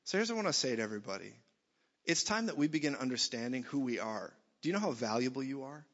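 A man preaching a sermon in a church, blunt and jokey, swinging from loud to soft. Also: medium pitch, expressive, quick pace. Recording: dull sound in a reverberant hall.

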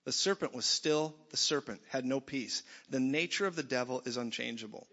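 A man preaching a sermon in a church, blunt and jokey, swinging from loud to soft. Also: medium pitch, normal speed. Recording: dull sound in a reverberant hall.

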